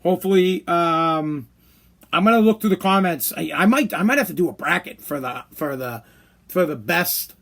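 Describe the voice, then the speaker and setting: A man's voice: fairly high pitch, lively intonation, normal speed, gravelly, a bit bright. A man hosting a podcast from a hot room downstairs, ranting in a heated, profane way and repeating himself for emphasis. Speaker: podcast host. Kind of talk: opinion rant podcast.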